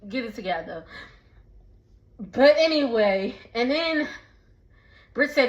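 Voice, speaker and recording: A woman giving a casual, gossipy recap of a reality TV episode, chatty and quick to laugh. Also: on the high side, sing-song. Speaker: TV recap vlogger. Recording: dull lo-fi sound.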